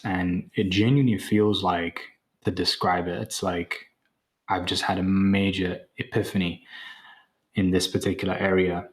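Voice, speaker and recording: Low-voiced guy hosting his podcast, earnest and reflective, lots of ums and pauses. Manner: earnest, measured, pauses often with fillers. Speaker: podcast host. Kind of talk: reflective monologue on spirituality and business.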